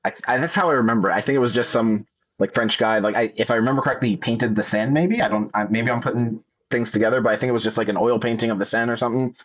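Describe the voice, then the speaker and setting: A man's voice: mid-range voice, quick pace. Man, casual podcast chat, hesitant, restarts a lot, dull lo-fi sound. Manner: hesitant, thinks aloud with restarts. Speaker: trivia contestant.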